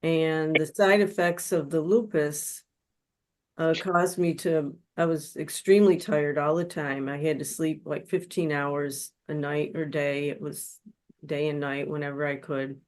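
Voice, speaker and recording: A spiritual counselor speaks as a guest at a webinar, sharing her personal story earnestly and confessionally. Her low voice keeps a steady tone at a slightly slow pace, captured by a webinar microphone.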